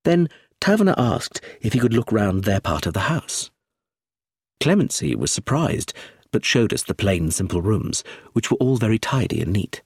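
Husky guy reading a story, lots of pitch movement, dry close mic. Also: sing-song, moderate pace, no room sound. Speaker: narrator. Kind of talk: scripted narration.

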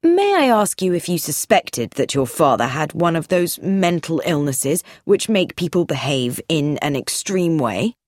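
A woman voicing a calm, probing police inspector who questions in a measured, persistent way. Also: low voice, no echo, studio quality.

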